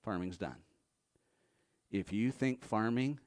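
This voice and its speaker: A man preaching a sermon, animated, acting out Bible characters in high excited voices and dropping to a low hush for emphasis. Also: unhurried, pauses often. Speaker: pastor.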